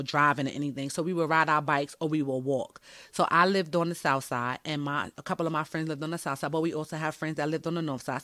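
Brief: woman host, candid and slangy, bright, forceful voice, dry close sound. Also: low voice, dry recording. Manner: candid and animated, slangy, swears freely. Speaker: podcast host. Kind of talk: personal storytelling monologue.

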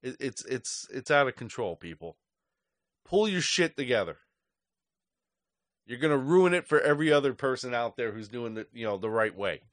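Hosting a sports fan show, a man launches into an angry, profane, rambling rant, cursing heavily and speaking off the cuff. His mid-range voice is animated and a bit bright, moving at a moderate pace broken by long pauses. The studio recording is clean, without echo.

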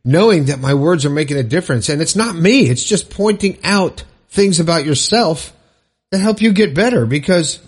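A man's voice: on the high side, expressive, normal speed, slightly rough. A man hosting his own positivity podcast, chatting cheerfully and laughing at his own jokes. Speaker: podcast host. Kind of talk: upbeat solo podcast talk.

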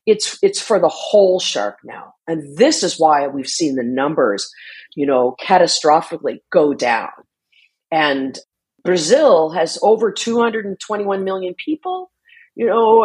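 Woman guest on an interview, lowish voice, earnest and explanatory, stumbles and restarts often. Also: slightly rough. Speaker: interview guest, shark conservation advocate. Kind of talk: conversational interview answer.

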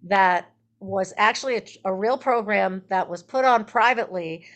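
A woman guest on an interview podcast, spinning a long anecdote in an easy, chatty way. Her voice sits in a middle pitch range, and she breaks into laughter between lively asides. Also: normal speed, highs cut off. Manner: chatty, animated, laughs while telling stories. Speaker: guest songwriter and performer. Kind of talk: casual interview storytelling.

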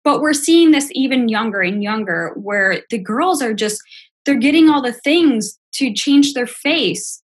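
Middle-aged woman podcast co-host, husky and a bit high, thoughtful rhetorical questions. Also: lively intonation, unhurried. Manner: reflective, asks rhetorical questions. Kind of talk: casual chat.

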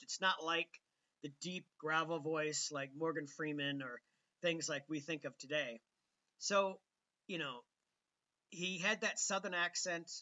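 Male show host, casual rambling commentary, bright tone, muffled lo-fi sound. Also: fairly high pitch. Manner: conversational, many ums and restarts. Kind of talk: casual political commentary monologue.

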